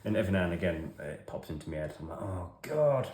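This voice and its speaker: Deep-voiced wry English man. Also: steady tone, rapid-fire, a little mellow, reverberant. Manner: self-deprecating, wry, chatty. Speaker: hobby vlogger. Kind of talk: rambling casual storytelling. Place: home hobby room.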